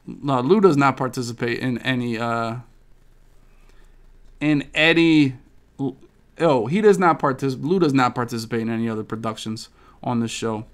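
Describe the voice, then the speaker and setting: A man's voice: medium pitch, normal speed, pauses often. A man hosting a gaming podcast, talking casually with a lot of swearing and rambling stories. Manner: profane, rambling, animated storytelling. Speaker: podcast host.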